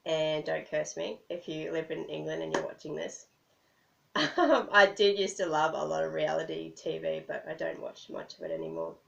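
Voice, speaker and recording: A woman's voice: low voice, moderate pace, vocal fry, a bit bright. An Australian woman vlogger chatting casually to camera, rambling and self-deprecating, often laughing. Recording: dull lo-fi, distant mic.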